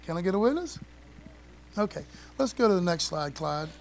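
A high-voiced man preaching to his congregation in an easygoing, slangy way. He reads scripture aloud and keeps asking the room for a witness. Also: lively intonation, moderate pace, gravelly, slight background noise. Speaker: pastor. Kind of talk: sermon.

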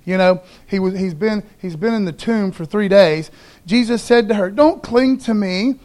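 A man with a notably high voice delivers a sermon from the pulpit. His preaching is casual and enthusiastic, full of slangy asides and quick rhetorical questions. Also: a little mellow. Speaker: pastor.

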